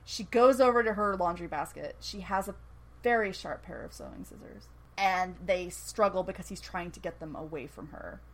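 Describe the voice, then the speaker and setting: Woman, podcast co-host, animated storyteller who acts out the lines and laughs easily. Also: lowish voice, normal speed, low-quality recording. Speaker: podcast co-host recapping a TV episode. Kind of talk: casual chat.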